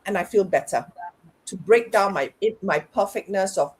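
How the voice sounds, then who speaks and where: A middle-aged woman with a slightly husky, breathy voice speaks as a guest coach. She talks in a candid, reflective way, often voicing her own inner self-talk aloud. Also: mid-range voice, lively intonation, moderate pace. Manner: reflective, talks herself through things aloud. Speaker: guest, parenting and life coach. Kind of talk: candid conversational interview.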